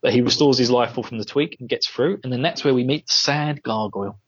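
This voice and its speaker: A podcast co-host chats casually over a Bluetooth headset, the audio dull and lo-fi, recapping an episode in a fast, slightly bright and rough male voice. He giggles often and acts out quotes in high voices.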